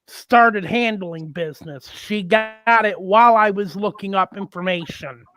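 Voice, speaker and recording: A co-host on a casual livestream chat, telling a story in a slow, measured way. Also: medium pitch, a bit bright, dry recording, faint music behind.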